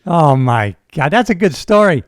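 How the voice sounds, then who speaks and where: A man hosting a casual interview, talking in a relaxed way with frequent fillers and affirmations. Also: fairly high pitch, moderate pace, dry recording. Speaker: podcast host, retired sheriff's deputy.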